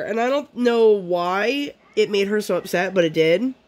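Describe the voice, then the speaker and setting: A woman's voice: mid-range voice, expressive, moderate pace, few pauses, a little mellow. A woman vlogger chatting casually while she crafts, rambling and full of fillers.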